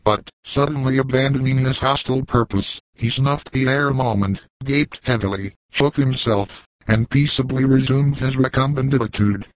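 A man reads a classic novel aloud in an even, formal storytelling manner. His voice sits in a middle range, and the recording is close and dry, with no room sound. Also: mid-range voice, moderate pace, hardly any pauses, dry recording, rough recording. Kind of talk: audiobook narration of a classic novel.

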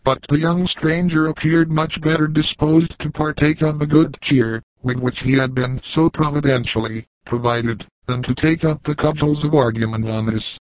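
Guy reading an old novel aloud, measured, dry close mic. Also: medium pitch, no echo, poor audio. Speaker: audiobook narrator. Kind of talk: scripted narration of a classic novel.

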